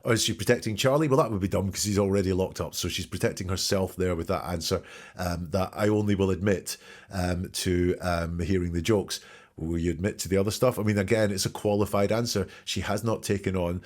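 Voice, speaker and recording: A man's voice: lowish voice, fairly quick. A man hosting a podcast, analyzing courtroom testimony in an emphatic commentary style and asking rhetorical questions. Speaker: podcast host.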